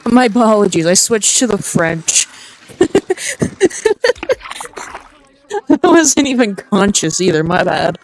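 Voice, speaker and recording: A game streamer chatting casually and excitably with viewers, rambling, joking and reacting out loud. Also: medium pitch, normal speed, hardly any pauses, low-quality recording. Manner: excitable, rambling, jokey, talks to chat. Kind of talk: casual live-stream chatter while gaming.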